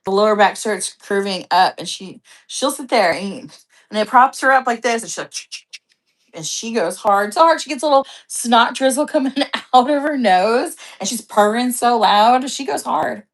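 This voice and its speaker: A woman's voice: a little high, lively intonation, moderate pace. A woman vlog host in easygoing conversation. She rambles from one anecdote to the next with a loose, profane, chatty delivery. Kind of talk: casual chat.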